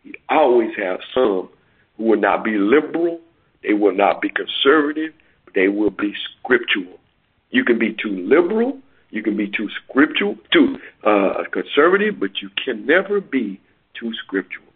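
A man's voice: fairly low pitch, slightly rough. A man preaching and announcing upcoming sermons, then leading a prayer, heard over a phone call. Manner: preacherly, emphatic with drawn-out words. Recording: tinny phone line.

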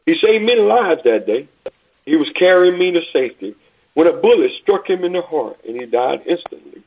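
A man's voice: on the high side, very animated, a little fast, breathy edge, heavily acted. A man voicing a humble, grateful young soldier speaking earnestly, on a tinny phone-like recording. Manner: earnest, respectful.

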